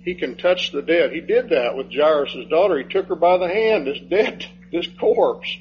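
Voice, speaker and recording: A man preaching an expository sermon, slow and emphatic, rising on key phrases and dropping low when he reads scripture. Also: lively intonation. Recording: dull lo-fi sound with faint hum.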